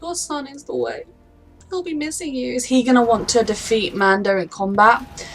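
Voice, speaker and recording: A woman's voice: fairly high pitch, steady tone, moderate pace, soft background music. A woman hosting a reaction video, gushing and emotional, often exclaiming at the screen. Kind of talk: casual reaction commentary.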